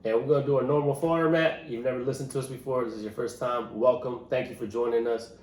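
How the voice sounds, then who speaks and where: A man's voice: mid-range voice, fairly even intonation, fast, a little mellow. A man co-hosting a casual podcast at home, laid-back, laughing often and hyping the intro. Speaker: podcast co-host. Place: home room. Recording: echoey room with faint hiss.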